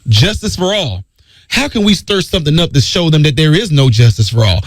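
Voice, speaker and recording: Guy doing a talk radio rant, high voice, swings all over, dry close sound. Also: big pitch swings, fairly quick, dry recording. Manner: emphatic, preachy, repeats key phrases.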